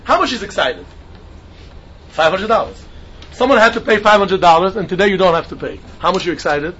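A man's voice: high voice, lively intonation, fairly quick, fairly bright tone, slightly rough. A man teaching a Talmud lesson, asking and answering his own questions and repeating his points. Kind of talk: lecture on Talmudic texts. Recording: dull lo-fi recording.

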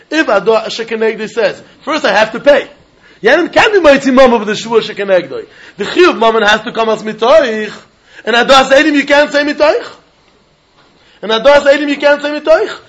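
High-voiced man giving a lively Talmud class. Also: lo-fi sound. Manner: animated, questioning, mixing Yiddish and Hebrew terms. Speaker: Talmud teacher.

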